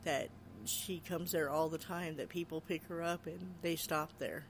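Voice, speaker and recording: A podcast host retelling a spooky story in loose, chatty fashion, leaning on fillers and acting out the people in it. The voice sits at a middling pitch. Faint noise hums behind it. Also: moderate pace. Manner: chatty storytelling, frequent "she's like" and "you know"; animated when quoting others, raising voice. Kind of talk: casual retelling of a ghost story.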